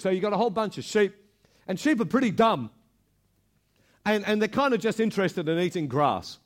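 Brief: high-pitched male preacher, lively storytelling sermon. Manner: animated storytelling, repeats words. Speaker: pastor.

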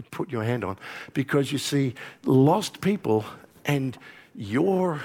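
A male pastor with an Australian accent preaching a sermon in a lively, folksy storytelling manner. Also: fairly high pitch.

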